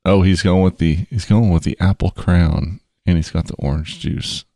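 A man's voice: deep voice, moderate pace, mellow, no room sound, clean studio sound. A man co-hosting a podcast, laid-back and profane, chatting casually over drinks and laughing often. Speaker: podcast co-host.

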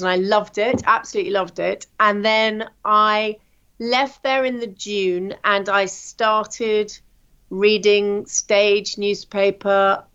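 A woman, a TV presenter, telling her career story in a chatty, animated way with plenty of ums. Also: medium pitch, clean tone, muffled recording. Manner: chatty, animated anecdotes with frequent fillers. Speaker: guest, TV presenter. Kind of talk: interview storytelling.

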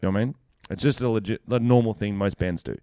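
A man's voice: fairly low pitch, quick pace, mellow, no echo, studio quality. A young Australian man co-hosting a podcast, chatting casually, swearing freely and telling stories with quoted voices. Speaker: podcast co-host and musician. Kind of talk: casual chat.

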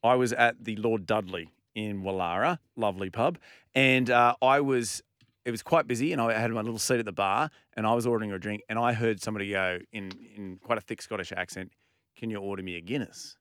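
A man co-hosting a radio show, telling stories in a relaxed, chatty way. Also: fairly low pitch, brisk, smooth, dry recording, clean studio sound. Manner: chatty storyteller, laughs often. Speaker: radio co-host. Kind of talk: casual radio banter.

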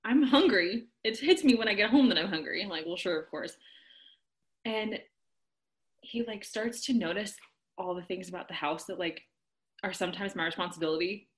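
A woman chatting casually, telling a story in an animated way, acting out quotes and laughing often. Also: medium pitch, normal speed. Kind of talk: casual chat.

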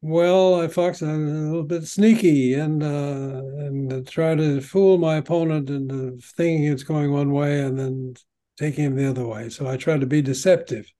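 An older man, a veteran padel player, tells long stories in an unhurried, rambling way, full of ums and restarts. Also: a little high, steady tone, warm tone. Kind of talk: conversational storytelling.

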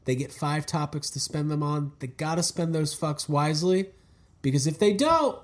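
A man's voice: on the high side, expressive, normal speed. Jokey, swearing male podcast host. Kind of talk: casual podcast banter.

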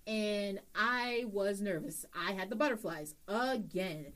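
A young woman speaks casually as an interview guest and recalls her early training days. She talks in a lively way and slips into the voices of the people in her story. Her voice sits in a middle range for a woman. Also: medium pitch, slow. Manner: animated, acts out quotes in story.

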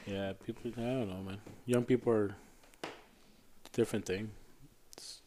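A man's voice: lowish voice, fairly even intonation, moderate pace, dark tone, a little hiss or hum. A man chiming in on a casual podcast chat with short, laid-back remarks and some swearing. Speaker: podcast guest.

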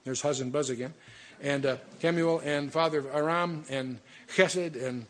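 A man's voice: on the high side, steady tone, moderate pace, fairly bright tone. A man teaching a verse-by-verse Bible study, reading scripture aloud and breaking off to explain it with asides and restarts.

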